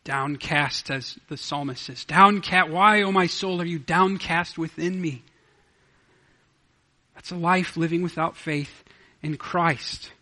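A man preaching a sermon as pastor, swinging from loud declarations to hushed asides. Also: a little high, unhurried, long pauses.

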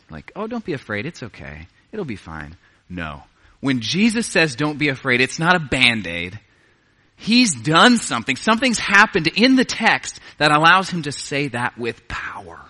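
A man preaching a conversational sermon, moving between hushed, quiet lines and emphatic, rising ones. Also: medium pitch. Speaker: pastor.

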